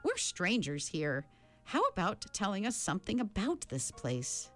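A woman reading the part of a small boy who speaks briskly and severely. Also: medium pitch, wildly swooping pitch, faint music behind.

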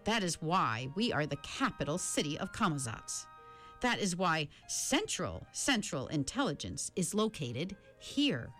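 A woman's voice: on the low side, very animated, unhurried, fairly bright tone, faint music behind. A woman reading the part of an anxious boy newspaper carrier who recites his words stiffly, as if from a manual. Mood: stiff, recited.

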